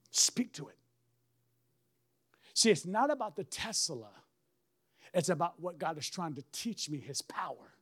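A middle-aged man, a pastor, telling a story in a sermon with lively swings and bursts of shouted praise. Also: on the high side, moderate pace, slightly rough. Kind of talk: sermon testimony.

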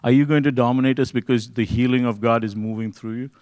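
A man delivers a conversational sermon in a medium-pitched voice, talking fast and cracking jokes. He swings between loud, excited bursts and hushed, quiet stretches, with no room sound on the recording.

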